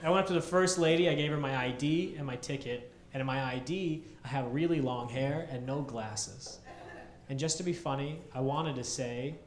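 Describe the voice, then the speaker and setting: A man performing a stand-up comedy set in a club, telling an animated story and acting out the people in it. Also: mid-range voice, normal speed. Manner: animated storytelling, acts out characters. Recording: echoey club room, audience laughter.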